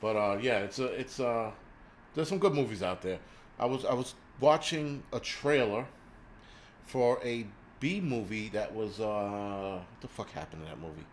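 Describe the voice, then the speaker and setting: A man's voice: lowish voice, normal speed, slight background noise. Profane man ranting on a live stream. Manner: profane, animated ranting with frequent fillers. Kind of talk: casual live stream rant.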